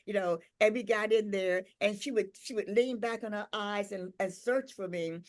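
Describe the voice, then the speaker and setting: A woman's voice: medium pitch, darkish tone. Reflective older woman telling a story. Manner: reflective and unhurried, with frequent "um" and "uh"; repeats words and checks in with "right?". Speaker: invited speaker, professor. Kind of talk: personal storytelling at a tribute gathering.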